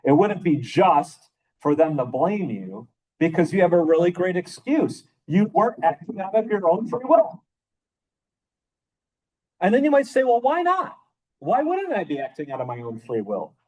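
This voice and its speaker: A man's voice: on the high side, sing-song, moderate pace, dark tone, breathy edge, low-quality recording. A man teaching a philosophy class in a casual lecture style, asking the students rhetorical questions and repeating his key phrases. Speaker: philosophy professor.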